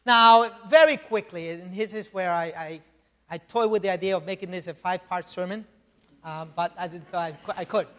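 High-voiced preacher in a reverberant hall. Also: male voice, moderate pace, a bit bright. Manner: conversational teaching with frequent asides and "right?". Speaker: pastor. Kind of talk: sermon.

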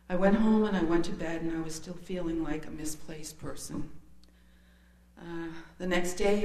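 An earnest woman with a slightly low voice tells her personal testimony, hesitant and emotional as she recounts it. She speaks in an echoey room with a faint hum behind her. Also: dark tone.

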